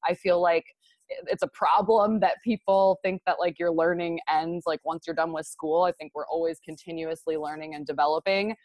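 A woman's voice: on the low side, dry recording. A woman co-hosting a podcast, talking casually and chattily with frequent fillers. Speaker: podcast co-host.

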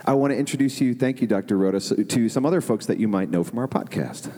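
A man's voice: medium pitch, fast, dark tone. A man co-hosting a podcast live at a convention, upbeat as he thanks and introduces his guests. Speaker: podcast co-host. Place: convention hall with live audience. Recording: live hall recording with long reverb and crowd.

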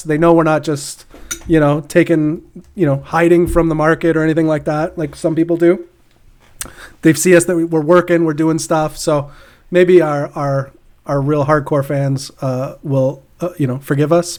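A man's voice: fairly high pitch, steady tone, normal speed, darkish tone. Rambling man co-hosting a crypto podcast. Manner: rambling, laughs often, many fillers and restarts. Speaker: podcast co-host. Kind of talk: casual crypto market chat.

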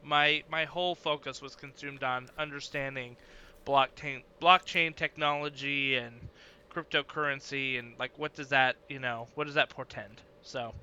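A man's voice: medium pitch, fairly even intonation, normal speed, bright, forceful tone, smooth, dull audio. A man co-hosting a casual podcast, rambling chattily with lots of fillers. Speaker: podcast co-host.

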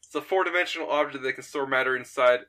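A man in casual chat, rambling and animated, retelling a story with frequent laughs. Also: mid-range voice, fast talker.

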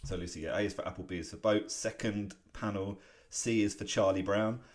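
A man's voice: fairly low pitch, steady tone, a little fast. A man co-hosting a casual podcast, chatting about comic strips with frequent hesitations and chuckles. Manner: hesitant, many fillers and restarts, chuckling. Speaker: podcast co-host.

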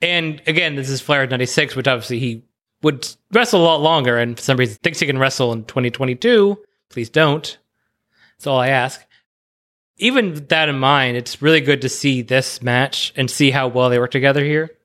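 A man's voice: medium pitch, a bit bright. Chatty man giving wrestling opinions. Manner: chatty opinionated analysis, quickens in bursts. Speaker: podcast co-host. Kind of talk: casual discussion.

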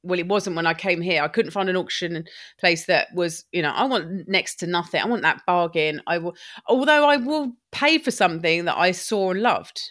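A woman's voice: fairly low pitch, a bit bright. A woman with a bubbly, chatty manner, talking as a guest in a podcast interview about her upcycling business. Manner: bubbly, talks in quick bursts.

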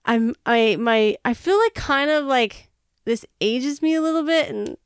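A woman co-hosting a podcast, telling a story in animated fashion, laughing and acting out her own panic. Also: sits high, a little slow, clean tone, no echo, clean studio sound. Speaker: podcast co-host. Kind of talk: casual storytelling chat.

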